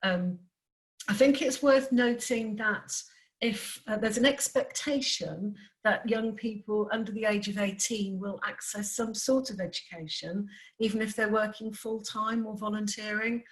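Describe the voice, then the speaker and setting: A woman from the council giving a presentation to parents, hesitant with many pauses and restarts. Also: medium pitch, low-quality recording. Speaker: council adviser on special needs education.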